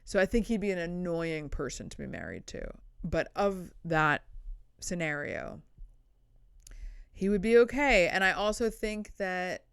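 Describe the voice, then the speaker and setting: A woman's voice: lowish voice, sing-song, unhurried, creaky, smooth, no room sound, clean studio sound. A young adult woman hosting a casual solo comedy podcast, rambling and blunt with self-deprecating asides, sitting on the floor indoors.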